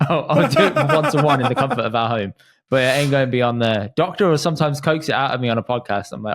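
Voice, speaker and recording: A man's voice: medium pitch, big pitch swings, fast. A man hosting a podcast, quizzing his guest and bantering casually. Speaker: podcast host.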